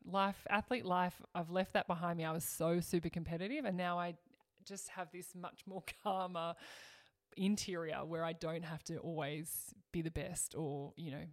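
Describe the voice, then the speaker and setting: A woman's voice: on the low side, steady tone, moderate pace, dry recording, studio quality. A woman, a former athlete, speaking reflectively and openly as a podcast guest. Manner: reflective, open, laughs now and then. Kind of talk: interview conversation.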